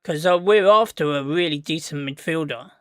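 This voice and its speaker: A man's voice: on the high side, moderate pace, fairly bright tone, clean tone, no echo, studio quality. A man hosting a live football watch-along, rambling casually and chatting back to his viewers.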